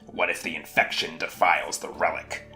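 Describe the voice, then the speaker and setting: A man voicing an odd, raspy male creature, like a goblin or kobold, over faint guitar music. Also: rumbling low, level tone, normal speed, sharp tone, voice pushed down, exaggerated voice. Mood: ominous.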